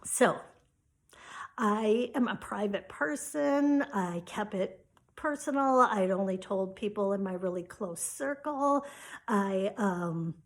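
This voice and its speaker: A woman tells a personal story in a relaxed, chatty way. She sits in a middle register and often fills her sentences with "like" and "right?". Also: medium pitch, slow. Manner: casual, chatty retelling with quoted dialogue and frequent "like". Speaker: spiritual coach.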